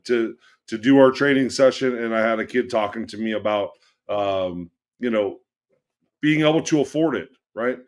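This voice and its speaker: A man at a middle pitch talks through a casual podcast chat, measured and steady, often tossing in a "right?" to his co-host. He sounds like someone who trains wrestlers and has heard every story.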